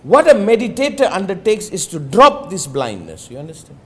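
High, lively-voiced man giving a spiritual talk. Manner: emphatic, rhetorical, repeats "you understand?"; slows on key phrases, drops to near-murmur. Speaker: meditation teacher.

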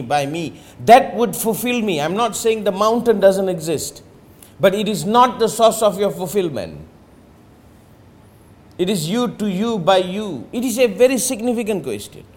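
A man teaching about meditation in an emphatic, rhetorical way. He slows down on key phrases, sometimes drops to a near-murmur, and keeps asking "you understand?". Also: sits high, darkish tone. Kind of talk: spiritual talk.

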